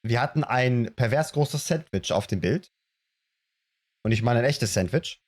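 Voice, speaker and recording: A man live-streaming a video game, chatting casually and greeting viewers with animated reactions. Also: medium pitch, moderate pace. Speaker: let's play streamer. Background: game music.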